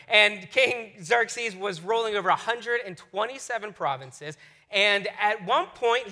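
High-voiced, bright, energetic young pastor. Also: male voice. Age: 30s. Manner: energetic, enthusiastic storytelling. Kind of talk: casual sermon.

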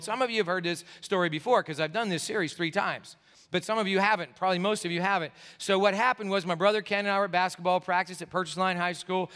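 A man's voice: high-pitched, clean tone. A middle-aged male pastor from Pennsylvania, tired after a sleepless night, telling a story in a sermon and acting out the people in it. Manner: animated, acts out the people in his story. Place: church sanctuary. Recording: echoey church hall.

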